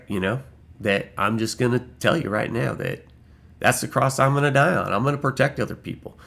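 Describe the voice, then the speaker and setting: A man's voice: mid-range voice, vocal fry, fairly bright tone. A man vlogging an angry, profane rant, repeating his lines for emphasis.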